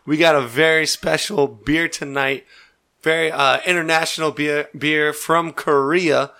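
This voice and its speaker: A man's voice: a little high, steady tone, measured pace, sharp tone. A man hosting a podcast in casual banter, joking and teasing his friends. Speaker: podcast host.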